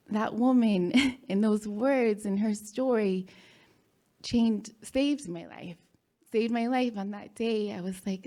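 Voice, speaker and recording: Woman, storyteller on stage, unhurried, soft warm tone, halting with nervous laughs. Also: medium pitch. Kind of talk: personal story told on stage. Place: hall before a live audience.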